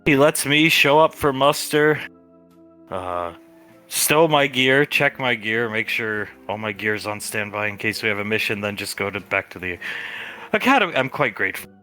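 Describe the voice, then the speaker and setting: A man's voice: lowish voice, lively intonation, moderate pace, sharp tone, soft background music. A man playing a tabletop role-play game on a live stream, narrating actions and speaking lines in character.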